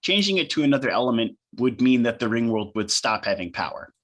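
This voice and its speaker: A man's voice: mid-range voice, very animated, fast talker, a bit bright. A man running a tabletop game as game master, narrating loosely with frequent ums and uhs.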